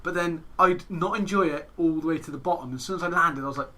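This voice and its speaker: A man's voice: on the high side, quick pace, pushed and bright. A man from England hosting a podcast, telling stories in casual chat and acting out what friends said. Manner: chatty storyteller, acts out quoted friends. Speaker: podcast host.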